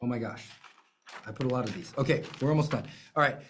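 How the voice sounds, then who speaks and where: A business coach teaching a live lesson, emphatic and animated, with self-deprecating asides and repeated phrases. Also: mid-range voice, fast, a little hiss or hum.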